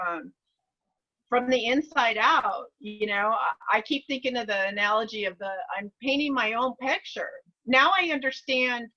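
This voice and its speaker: A woman's voice: fairly high pitch, bright, forceful tone, muffled recording. A woman sharing her story eagerly on a group video call, rambling with restarts and laughing often. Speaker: course participant.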